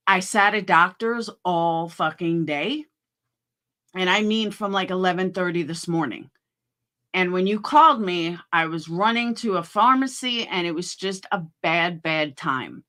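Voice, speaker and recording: A woman with a bright, forward voice hosts a casual livestream from home. She talks frankly and chattily, greeting viewers by name and swearing freely. Her pitch sits in the middle of the range. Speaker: livestream host.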